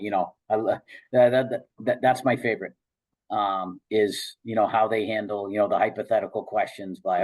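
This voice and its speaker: A man hosting a radio talk show, speaking casually with halting restarts. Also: lowish voice, fairly even intonation, low-quality recording. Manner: halting, many fillers and restarts.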